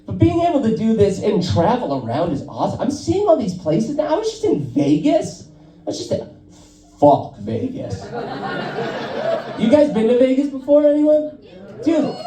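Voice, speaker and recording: Profane, giggly stand-up comic, dark voice. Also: mid-range voice, huge pitch swings, moderate pace, echoey room, far from the mic, poor audio. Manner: loose, profane storytelling, laughing at own jokes. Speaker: stand-up comedian. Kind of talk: stand-up set at an open mic. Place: live comedy club stage.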